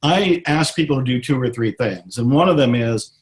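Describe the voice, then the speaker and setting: A middle-aged man from Texas, a guest author in an interview, talking earnestly and reflectively and slowing down to stress his points. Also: medium pitch, lively intonation. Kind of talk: interview, motivational talk.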